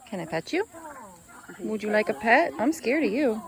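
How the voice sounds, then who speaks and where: A young woman vlogging at an outdoor farm sanctuary, chatty and excitable, cooing at the animals. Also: on the high side, normal speed, long pauses. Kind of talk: casual vlog narration.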